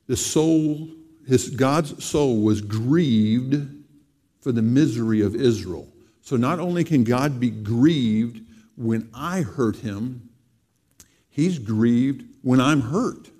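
A man delivering a sermon in a mellow, relaxed voice at a middle pitch. He drives his points home by repeating phrases and slowing down to lean on the key lines. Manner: emphatic, repeating phrases with slow stressed delivery. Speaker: preacher.

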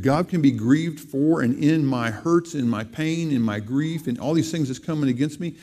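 A man preaching a sermon, repeating phrases and slowing down to stress key lines. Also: a little high, mellow. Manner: emphatic, repeating phrases with slow stressed delivery.

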